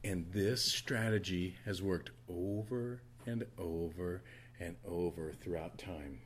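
A male pastor delivering a sermon in a church, telling a Bible story with animated asides and quick character voices. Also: deep voice, slight background noise.

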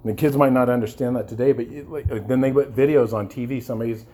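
A male preacher with a mellow, slightly husky voice. He delivers his sermon with passion, stumbling over words and restarting as he goes. Now and then he turns to his listeners and asks them to agree. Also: medium pitch, fairly even intonation, quick pace. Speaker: pastor.

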